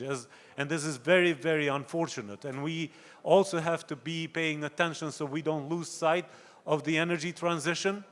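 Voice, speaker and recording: A man's voice: on the high side, fairly bright tone. Earnest man speaking in an echoey hall. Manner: earnest, repeats words while speaking. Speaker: conference panel speaker. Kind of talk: formal panel speech.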